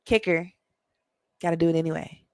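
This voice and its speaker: A middle-aged parenting vlogger with a lowish voice talks a little fast to her viewers in a dry recording. Her casual monologue to camera is chatty and emphatic, with a slightly preachy edge.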